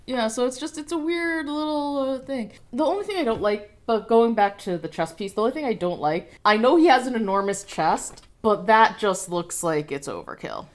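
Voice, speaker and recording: A woman's voice: a little high, normal speed, hardly any pauses. Playful woman co-hosting a toy review. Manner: playful, joking and animated. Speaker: co-host of a toy review show. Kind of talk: casual review chat.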